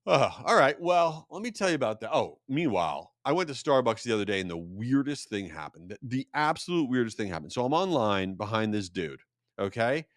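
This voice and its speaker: A male podcast host talking straight into a close studio mic, with a bone-dry sound and no room around him. He tells stories in a jokey, self-deprecating way, his pitch swinging widely up and down as he goes. His voice sits at an ordinary middle pitch for a man. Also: fairly quick, no echo. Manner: animated, jokey storytelling with self-deprecating asides. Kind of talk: solo podcast monologue.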